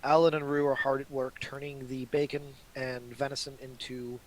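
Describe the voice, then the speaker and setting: A man's voice: mid-range voice, rough recording. Man narrating as game master. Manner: relaxed, halting narration with many ums and restarts.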